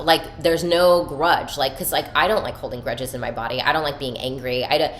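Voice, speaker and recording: A young woman hosting a podcast in a casual, animated style, swearing freely and using many fillers. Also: low voice, normal speed, hardly any pauses, a little hiss or hum. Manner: animated, chatty, profane, filler-heavy. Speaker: podcast host. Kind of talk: casual spiritual podcast chat.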